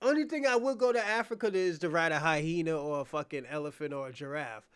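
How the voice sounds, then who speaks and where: Host, man with a high voice, blunt and profane, casual. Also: fast talker, fairly bright tone, clean tone, dry recording, clean studio sound. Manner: blunt, profane, laughing asides. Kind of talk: casual commentary.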